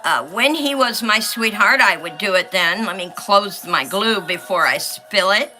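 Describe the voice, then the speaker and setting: A middle-aged woman hosts a casual livestream, chatting while she colors and reading viewer comments aloud. Her medium-pitched voice is bright and forceful, with lively intonation and an unhurried pace, and faint music plays behind her.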